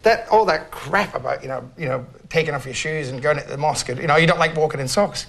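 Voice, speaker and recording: A man's voice: a little high, fast talker, creaky, few pauses, noisy background. A man, a guest on a comedy panel, who rambles with lots of fillers and swears freely. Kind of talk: casual panel banter.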